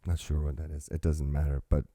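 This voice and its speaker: A man's voice: rumbling low, little pitch movement, fairly quick, warm tone, no room sound. A man hosting a reaction video, swearing freely as he stops the music to quote lyrics and comment on them.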